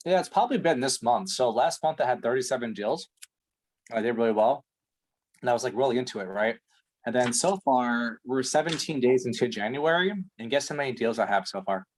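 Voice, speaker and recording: A man's voice: medium pitch, a little fast, slight background noise. A man playing a frustrated prospect in a sales call role-play, ranting and swearing heavily. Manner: ranting, profane, exasperated.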